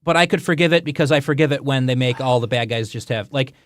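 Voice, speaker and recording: A man co-hosting a live talk show in casual chat, relaxed and reflective, trailing off softly. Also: mid-range voice, fast, dry recording, studio quality.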